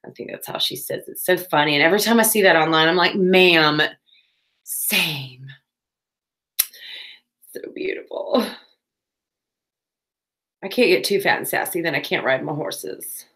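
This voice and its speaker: A woman's voice: low voice, brisk, fairly bright tone. A woman, chatting casually on a crafting livestream, with playful asides.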